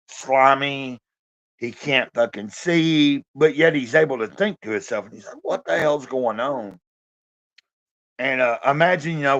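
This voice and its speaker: A man's voice: medium pitch, muffled recording. A man vlogging in a casual, rambling monologue, full of fillers and the odd swear word. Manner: meandering, lots of fillers and swearing.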